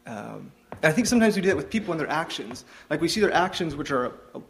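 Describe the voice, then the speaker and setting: A man's voice: fairly high pitch, big pitch swings, fast, vocal fry, fairly bright tone, a little hiss or hum. A younger man giving an informal devotional talk, hesitant, with frequent ums and restarts.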